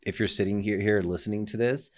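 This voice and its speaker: Very deep-voiced man, earnest and reflective. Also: fairly even intonation, fast. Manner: reflective, earnest, with many restarts and fillers. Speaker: podcast guest. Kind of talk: casual conversation.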